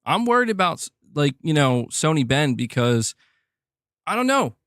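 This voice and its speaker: A man hosting a livestream, ranting in a heated, animated way and swearing freely while reading chat. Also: on the high side, moderate pace, no room sound, clean studio sound. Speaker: streamer host. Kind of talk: casual livestream rant.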